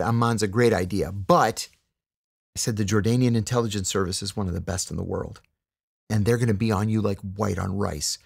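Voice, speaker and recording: A man's voice: on the low side, vocal fry, no echo, clean studio sound. A middle-aged man, a former intelligence officer, telling an anecdote in a podcast interview and acting out the dialogue as he goes. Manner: animated storyteller who acts out quoted dialogue.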